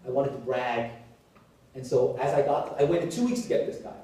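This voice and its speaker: A man in his forties, a university professor, lecturing with animated storytelling and jokey asides. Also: medium pitch, normal speed, recorded from a distance, a little hiss or hum. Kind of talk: classroom lecture. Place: lecture hall. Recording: echoey hall, picked up from afar.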